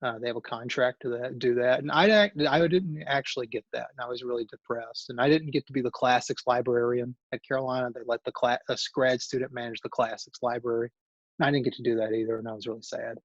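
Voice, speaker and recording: An engineering librarian, appearing as a guest speaker, tells his career story in an informal talk, rambling and correcting himself along the way. His medium-pitched voice is steady and fast, with no echo, heard through dull lo-fi call audio.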